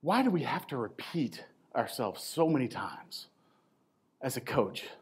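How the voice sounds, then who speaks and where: A man in his forties giving a storytelling motivational talk to coaches, conversational and emphatic, with short pauses, speaking into a lapel mic. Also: mid-range voice, sing-song, slightly rough. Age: 40s. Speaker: keynote speaker at a coaching event. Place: conference stage before a live audience.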